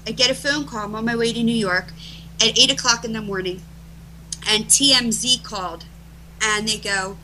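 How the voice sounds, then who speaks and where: A middle-aged woman is the interview guest, recounting events in an animated, emphatic way, often breaking off and restarting her sentences. Her voice is bright and a little high. A faint hiss sits underneath. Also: poor audio. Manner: emphatic, rushes and restarts phrases. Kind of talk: animated storytelling in conversation.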